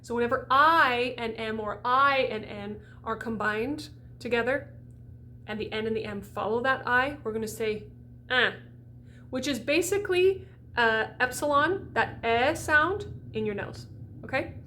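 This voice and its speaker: A woman's voice: a little high, normal speed, sharp tone, slight background noise. A woman voice coach giving a chatty diction lesson for singers, often checking in with "okay?" as she goes. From United States.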